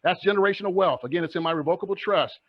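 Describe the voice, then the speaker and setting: A husky, high-pitched man fires question after question at a club audience in an upbeat investing pitch. The sound is dull and lo-fi. He talks with the push of a motivational presenter. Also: very fast. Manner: acts out the audience's replies. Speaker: real estate investor and presenter. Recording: dull lo-fi recording.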